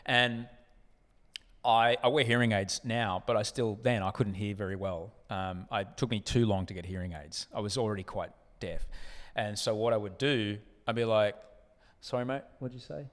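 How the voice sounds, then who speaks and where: A man's voice: lowish voice, normal speed. Australian man telling stories, echoey room. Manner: animated, profane, acts out other people in anecdotes. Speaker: guest, broadcaster. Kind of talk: casual storytelling interview. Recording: echoey room with long reverb.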